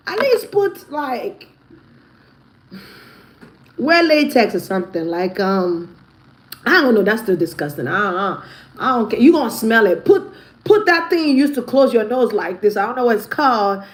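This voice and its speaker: A woman's voice: fairly high pitch, sing-song, normal speed, long pauses. A woman vlogger giving blunt, profane gossip commentary, often breaking into laughter. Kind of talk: casual commentary.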